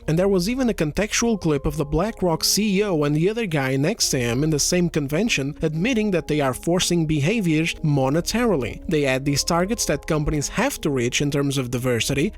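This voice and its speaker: A man's voice: a little high, darkish tone. Heated, profane man ranting at critics. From outside the United States. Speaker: gaming commentator YouTuber.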